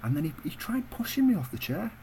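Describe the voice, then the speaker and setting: A man's voice: high voice, big pitch swings, fast, darkish tone, a little hiss or hum, rough recording. A young man tells a story in a blunt, sweary rant for his vlog. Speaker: vlogger.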